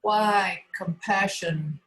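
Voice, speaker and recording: A woman's voice: mid-range voice, extremely slow, a bit bright, slight background noise, poor audio. A woman student pressing a point in class discussion, hesitant, restarting her sentences.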